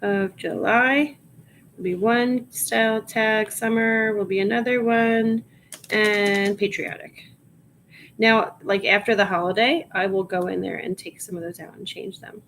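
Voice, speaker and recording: Slow-talking Long Island woman. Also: mid-range voice, fairly even intonation, fairly bright tone, slight background noise, rough recording. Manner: muttering and reading aloud to herself while typing. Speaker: reseller listing items live. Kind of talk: casual livestream chat while working.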